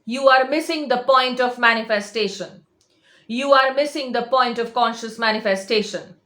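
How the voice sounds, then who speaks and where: A fairly high-voiced woman talks straight to her viewers as a coach. She is insistent and emphatic, hammering on the same points again and again. The room around her rings with echo. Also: normal speed, sharp tone. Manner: insistent, repeats herself, emphatic. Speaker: manifestation coach. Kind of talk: direct-to-camera motivational talk.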